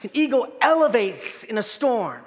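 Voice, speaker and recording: A man preaching a sermon in a church, dynamic, swinging from loud to hushed. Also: extremely high pitch, big pitch swings, normal speed, long reverb tail. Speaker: pastor. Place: large church hall.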